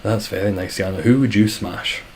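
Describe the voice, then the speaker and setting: A man's voice: lowish voice, steady tone, normal speed, slight background noise, rough recording. Scottish man, dry streaming banter. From Scotland. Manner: dry, self-deprecating banter. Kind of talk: casual live-stream chat reading viewer comments.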